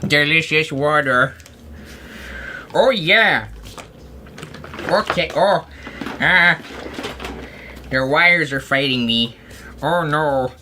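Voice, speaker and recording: A man streams himself crafting and chatters to himself in a goofy, rambling way. His voice is bright and sharp, a little higher than most men's, and he talks at an unhurried pace. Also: a little hiss or hum. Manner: rambling, goofy self-talk with playful asides. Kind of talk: casual livestream chatter while crafting.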